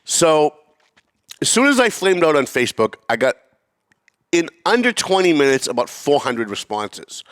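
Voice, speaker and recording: Middle-aged male podcast host, animated, swearing, lively pitch, fairly high voice. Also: normal speed. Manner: animated, swearing, rising to near-yelling. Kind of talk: casual storytelling rant.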